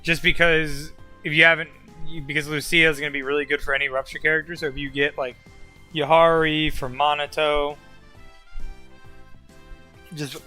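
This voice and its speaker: Young guy streaming, bright kinda high voice, swears a lot, rambles, game music faint behind. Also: level tone, moderate pace, long pauses. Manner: loose, profane, rambling with many fillers. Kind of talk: casual live-stream commentary.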